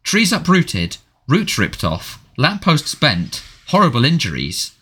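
A man voicing an irritable middle-aged male prime minister who blusters with sharp, indignant outbursts. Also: medium pitch, very animated, brisk.

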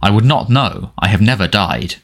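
A man doing a cold, cruel male voice heard in a storybook reading, slightly raised and quiet. He taunts slowly and calmly, with a lively lilt. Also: fairly low pitch. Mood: taunting.

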